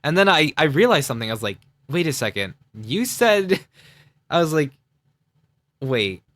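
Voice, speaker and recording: A man's voice: medium pitch, a bit bright, no echo. A young man streaming casual commentary on his own parody series, rambling with lots of fillers and laughs.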